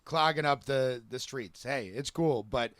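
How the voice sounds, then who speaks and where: A man's voice: medium pitch, a little slow, fairly bright tone, no room sound. A man co-hosting a casual podcast, laughing often and swearing casually as he recaps old wrestling shows. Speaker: podcast co-host.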